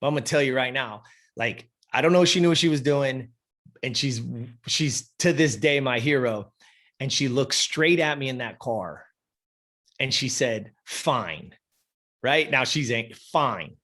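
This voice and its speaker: A man's voice: mid-range voice, normal speed, fairly bright tone. A man in his fifties, a podcast guest, telling a personal story in a casual, emphatic and profane way. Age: 50s.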